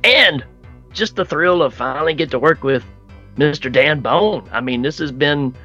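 A man guesting on a podcast, rambling and joking in a relaxed, casual way. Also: a little high, moderate pace, muffled recording, soft background music.

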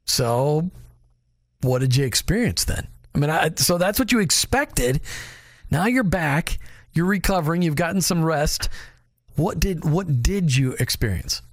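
A middle-aged radio host man with a fairly high voice who teases his guests and pushes them with quick follow-up questions. He talks into a close studio mic, and the sound is dry and close. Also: animated, dry recording. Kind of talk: casual radio chat. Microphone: studio microphone.

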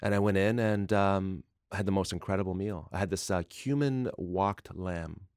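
A man's voice: deep voice, normal speed, a little mellow, clear, resonant tone, no echo, clean studio sound. A man, a chef guest on a radio show, talking with playful enthusiasm. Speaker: chef and TV judge, studio guest. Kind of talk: casual radio chat. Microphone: studio microphone.

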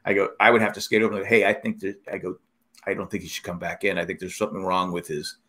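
Man, middle-aged, casual chat, lowish voice, bright tone, rambling storyteller. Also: fast. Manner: rambling, animated storyteller with many restarts.

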